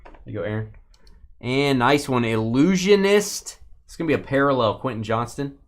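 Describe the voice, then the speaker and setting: Animated, jokey man hosting a card break. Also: medium pitch, moderate pace. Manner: jokey, reads out viewer names and teams, banters with chat; chatty asides about cards as he opens packs. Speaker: host of a live sports card group break. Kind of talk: casual live-stream commentary.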